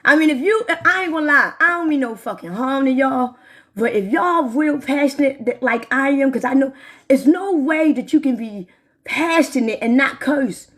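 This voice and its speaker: A woman's voice: sits high, expressive, moderate pace, fairly bright tone. A woman in her forties ranting on a live stream, swearing constantly and talking straight to her viewers. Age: 40s. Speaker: livestreamer. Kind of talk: profane live-stream rant.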